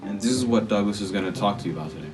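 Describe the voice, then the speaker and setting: A man calmly introducing a children's church video and reading a scripture passage. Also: lowish voice, rapid-fire. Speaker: children's ministry host. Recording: distant voice over guitar music.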